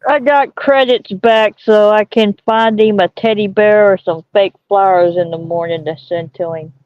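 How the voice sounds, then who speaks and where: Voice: mid-range voice, steady tone, moderate pace, dry recording, highs cut off. A speaker in a casual live chat, teasing and cutting in on the others.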